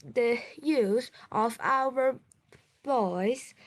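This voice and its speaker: A woman learning English, reading a passage aloud in a halting way and restarting difficult words. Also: on the high side.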